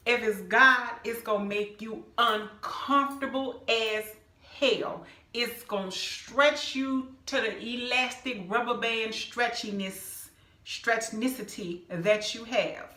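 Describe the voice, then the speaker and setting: A middle-aged woman, telling a personal church testimony in an emphatic, animated way and calling her viewers "y'all". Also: on the high side, roomy sound. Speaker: vlogger sharing a personal testimony. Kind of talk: casual storytelling testimony.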